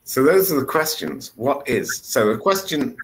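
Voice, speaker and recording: A man's voice: medium pitch, lively intonation, moderate pace, slight background noise. A man tutoring English one-on-one over a video call, patiently explaining step by step. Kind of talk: one-on-one online lesson.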